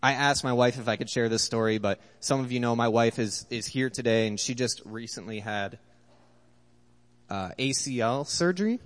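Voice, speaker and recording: A man's voice: medium pitch, normal speed. A man preaching an earnest sermon as a pastor, reading scripture aloud. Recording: long hall reverb.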